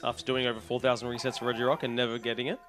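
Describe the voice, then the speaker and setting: A man's voice: mid-range voice, level tone, racing, over music. Tired Australian man streaming a game. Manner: rambling, chatty, talks to chat while resetting a game. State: tired, yawning. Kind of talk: casual live-stream chat.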